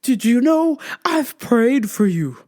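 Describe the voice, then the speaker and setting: A woman's voice: high voice, very animated, slow pace, pitched above the performer's own voice, full character voice. A woman voicing her devout, emotional conservative father, with fervent, gushing delivery. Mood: relieved.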